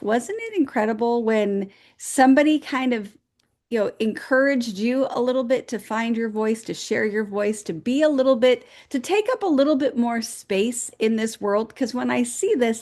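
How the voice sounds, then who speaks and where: Upbeat motivational woman, bright higher voice. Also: animated, moderate pace. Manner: upbeat, encouraging, numbered points. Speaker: co-host. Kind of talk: motivational talk.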